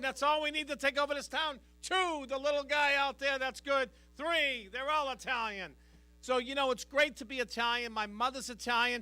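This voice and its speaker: A man's voice: extremely high pitch, sharp tone, no echo. A middle-aged man doing a stand-up comedy routine on a live stage, working the crowd with a brash, punchy delivery. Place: live stage before an audience.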